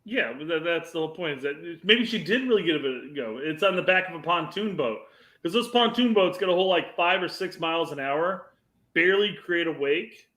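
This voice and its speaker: A man co-hosting a casual podcast, his voice pitched a bit high and swinging widely as he jokes around. He swears freely and trips over restarts. The room gives everything a noticeable echo. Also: expressive, fairly quick, fairly bright tone. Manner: joking, profane, frequent restarts. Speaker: podcast co-host. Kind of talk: casual chat.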